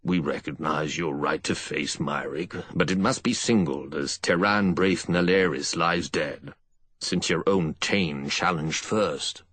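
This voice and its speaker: A man's voice: rumbling low, a little slow, fairly bright tone, husky, dry recording, full character voice. A male audiobook narrator voicing a stern male warrior. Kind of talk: audiobook character voice.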